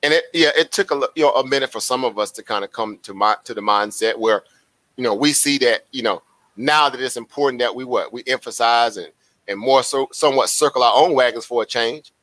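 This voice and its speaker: A man hosting a casual livestream, talking in an animated, preachy way and repeating his phrases. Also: mid-range voice, brisk, no room sound. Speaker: livestream host.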